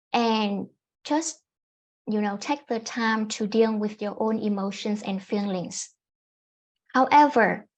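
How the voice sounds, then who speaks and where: Slow, gentle woman life coach. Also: a little high, lo-fi sound. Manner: calm, repetitive, gently instructive. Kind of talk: self-help coaching talk to camera.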